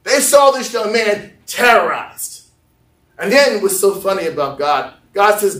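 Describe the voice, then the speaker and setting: A male pastor preaching a lively sermon, acting out voices and joking with the congregation. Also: high voice, fairly quick, reverberant, far from the mic. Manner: animated, acts out voices, jokes with the congregation. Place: church sanctuary.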